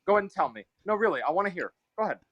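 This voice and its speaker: A man on a live stream, arguing aggressively and profanely, swinging between shouting and sudden quiet. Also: sits high, sing-song, racing, highs cut off, background noise. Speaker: guest on a live call-in stream. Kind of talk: heated live-stream argument.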